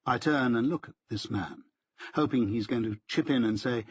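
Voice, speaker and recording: A man's voice: mid-range voice, a little fast, slightly rough, lo-fi sound. A man narrating a first-person audiobook in a dry, wry storytelling manner.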